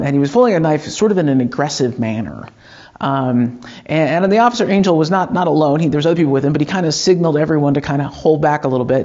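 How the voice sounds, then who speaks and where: A man's voice: medium pitch, a little mellow, muffled recording. A man preaching a sermon as pastor, telling a story in a loose conversational way with frequent fillers and restarts.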